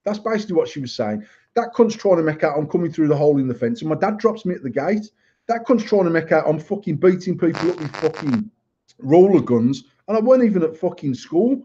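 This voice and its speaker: High-pitched and warm in tone, this English podcast host, likely in his thirties or forties, tells a crude story in casual chat. He swears constantly, and the lo-fi recording has a dull quality.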